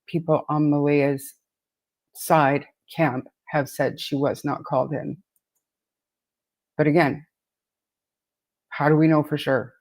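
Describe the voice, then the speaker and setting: A woman's voice: sits low, a little mellow, dry recording. Chatty woman with sore throat. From Atlantic Canada. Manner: chatty, rapid greetings, frequent restarts. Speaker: true crime podcast host. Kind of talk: casual livestream chat with viewers.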